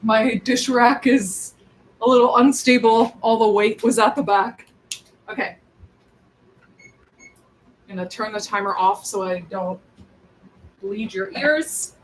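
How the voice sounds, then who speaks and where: A woman's voice: mid-range voice, a little hiss or hum, low-quality recording. A woman hosting a cooking livestream from her home kitchen, chatting casually in a rambling way as she moves around, with cooking sounds behind her. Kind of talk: casual chat while cooking.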